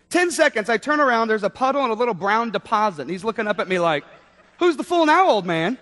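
A man's voice: very high-pitched, a bit bright. A man in his thirties preaching a sermon, telling a story with playful asides. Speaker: pastor. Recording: long hall reverb.

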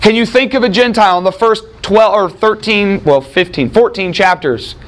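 A man's voice: sits high, moderate pace. A man teaching a Bible class, asking his students questions and answering them himself.

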